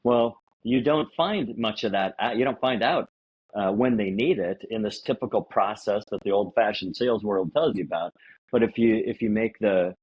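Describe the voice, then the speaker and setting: Husky low-voiced man on a dull recording. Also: normal speed. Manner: conversational, acts out sales dialogue. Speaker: podcast co-host. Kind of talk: casual sales-advice chat. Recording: dull lo-fi audio.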